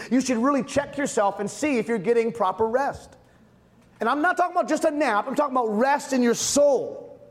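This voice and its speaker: A man in his thirties, a pastor, preaching a conversational sermon with emphatic repeated refrains. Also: very high-pitched. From Massachusetts.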